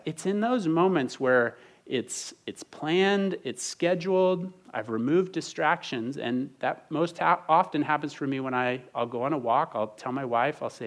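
A man's voice: a little high, a little slow, few pauses. A man in his thirties preaching a sermon as a pastor, earnest and conversational, often restarting his sentences.

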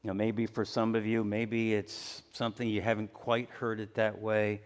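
A male pastor preaching a conversational sermon, acting out everyday apologies in lively asides. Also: lowish voice, moderate pace, big-room sound. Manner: conversational, acts out everyday apologies with rising energy.

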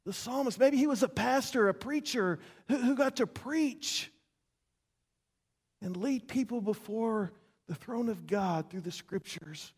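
A man preaching a sermon as pastor, dramatic, repeating words and swinging between loud passages and hushed ones. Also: very high voice, unhurried, breathy edge.

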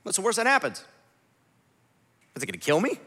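A man gives a sermon in a high, bright voice that rises and falls with lively swings. He talks to the congregation in a casual, joking way. The sound carries the long reverb of a large hall. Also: brisk. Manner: animated, conversational, jokes with the audience. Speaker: pastor.

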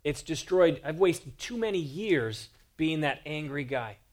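An earnest male pastor delivering a sermon from the pulpit. His voice sits a touch higher than most men's, and he presses his points with emphatic rhetorical questions. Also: expressive, measured pace.

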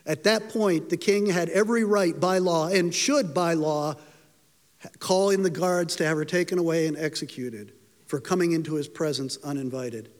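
A man with a high, light voice preaches at normal speed, his words ringing through a hall with a long echo. He tells the story with feeling and acts out the quoted lines.

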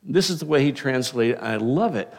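A male pastor delivering a sermon in an unhurried, conversational way. His voice sits at an ordinary middle pitch, and he drifts into asides and restarts. He slows down to lean on the key words. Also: lively intonation, gravelly.

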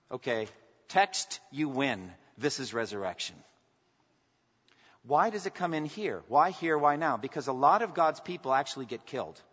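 A husky, slightly high, somewhat bright male voice preaches expressively at a moderate pace. The sermon is full of passion and rises to emphatic climaxes over scripture passages, recorded with a dull tone and long hall reverb.

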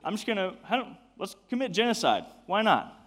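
A wicked, scheming royal adviser, as a man acts him out. He talks in a careless, offhand way and pushes his voice up louder. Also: high voice, sing-song, fairly quick, long reverb tail, voice pushed up, heavily acted. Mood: callous. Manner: callous, casual.

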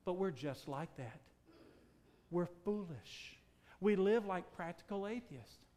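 A male preacher with a high voice delivers a sermon, firing rhetorical questions at his listeners. He punches key words loudly, then drops low and quiet to press a point home. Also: expressive, slow pace. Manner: emphatic, rhetorical questions, big swings in loudness.

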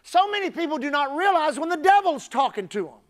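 A male pastor preaching a sermon emphatically, building up to shouted climaxes. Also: very high voice, sing-song, brisk.

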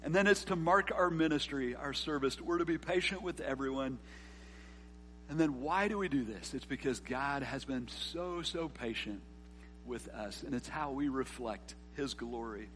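A man preaching a sermon, earnest, rising to emphatic peaks and dropping soft on key words. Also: medium pitch, moderate pace, slight background noise. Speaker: pastor.

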